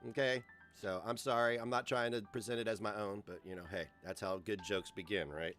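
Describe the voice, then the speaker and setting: A man's voice: on the low side, steady tone, a little fast, a bit bright, soft background music. A man hosting a livestream in a casual, rambling rant, profane and self-mocking. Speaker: livestream host.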